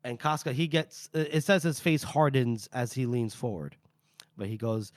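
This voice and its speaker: A man's voice: medium pitch, fairly even intonation, no echo, clean studio sound. A man on a podcast, casually recapping book chapters, quoting the characters and laughing often. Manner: retells scenes with quick quoted voices, laughs often. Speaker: podcast host.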